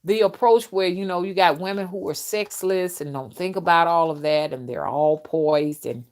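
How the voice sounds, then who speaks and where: An older woman hosting a casual live stream, talking bluntly and loudly to her viewers and laughing often as she reads their comments. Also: on the low side, normal speed. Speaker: spiritual reader and live-stream host.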